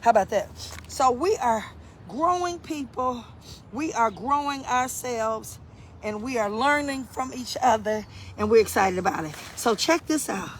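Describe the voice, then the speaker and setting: A woman's voice: fairly high pitch, unhurried, slight background noise. A middle-aged woman hosting a casual live stream from her garden, greeting viewers by name and repeating her points like a preacher. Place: outdoors in a garden.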